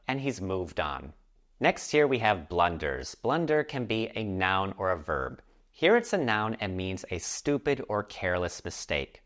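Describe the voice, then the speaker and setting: A man teaching English vocabulary, explaining words and idioms from an article clearly and patiently with example sentences. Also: low-pitched, a bit bright.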